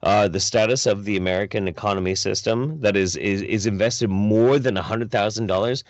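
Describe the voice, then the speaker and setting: A man on a live talk podcast, swearing constantly in an intense, shouty rant. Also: lowish voice, a little fast, dry recording. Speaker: podcast panelist. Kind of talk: profane ranting on a live talk show.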